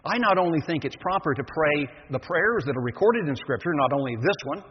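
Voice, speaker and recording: An older man preaching a sermon as pastor, reading scripture then explaining it in a measured, earnest way. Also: a little high, lively intonation, husky. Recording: echoey dull lo-fi hall recording.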